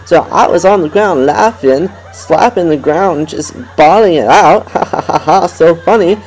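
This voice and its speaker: A man's voice: a little high, a little slow, darkish tone, rough recording. A man hosting a homemade comedy radio show, rambling and goofy and laughing at his own jokes. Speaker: host.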